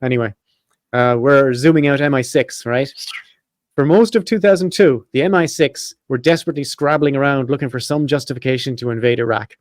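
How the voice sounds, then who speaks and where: A man hosting a podcast, reading from his notes in a casual, profane way and breaking off with quick asides. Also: medium pitch, no echo. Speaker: podcast host.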